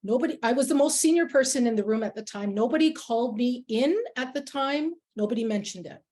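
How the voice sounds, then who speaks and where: An earnest woman with a fairly high voice leads a workplace workshop. She speaks with emphasis and weaves in stories from her own life. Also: a little fast, a little mellow. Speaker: workshop facilitator. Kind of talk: workshop talk with personal anecdotes.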